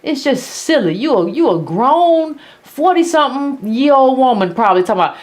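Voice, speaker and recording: A woman hosting a commentary show, blunt and biting in her sarcasm. Her voice sits somewhat high and swings through a wide, lively range. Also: normal speed, few pauses. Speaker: host of a political commentary channel. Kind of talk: opinionated commentary monologue.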